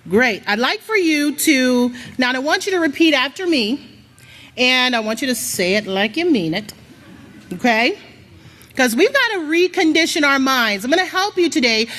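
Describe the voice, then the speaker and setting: A woman preaches a motivational sermon, coaxing the congregation to repeat after her. Her voice sits high and swings widely in pitch. She sounds like she is speaking in a large worship hall. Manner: lively call-and-response, coaxing the crowd. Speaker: church speaker.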